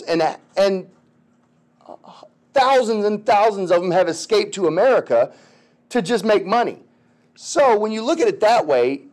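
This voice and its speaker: A man with a high voice and a drawl teaching history in a loose, conversational way. He talks like he's chatting with students, full of slang. He keeps slipping into little voices for the people he quotes. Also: darkish tone. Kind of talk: casual classroom lecture.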